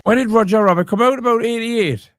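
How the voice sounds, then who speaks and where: A man's voice: very high-pitched, fast, fairly bright tone, a little hiss or hum. A man hosting a show and commenting over a video in a dry, sarcastic way. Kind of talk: reaction commentary.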